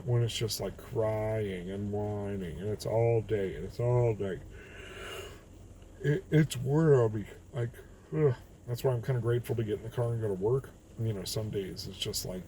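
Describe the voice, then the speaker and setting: A man's voice: on the low side, mellow, slight background noise, low-quality recording. A man reading Bible verses aloud and then reflecting on them in a plain, candid way, sitting in his car. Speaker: host of a daily Bible reading video. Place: in a car on a rainy night.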